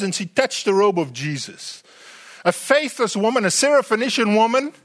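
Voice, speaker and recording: An animated man delivers a sermon, his slightly high voice swinging widely between high and low. He keeps putting rhetorical questions to his listeners and often repeats a word before pressing on. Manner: frequent repeated words and restarts. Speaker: preacher.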